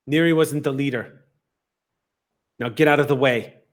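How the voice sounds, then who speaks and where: A man's voice: mid-range voice, moderate pace, close to an everyday voice. A man voicing a stern warrior woman who is the player character's sister, speaking in short, cold, commanding lines. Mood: cold, curt.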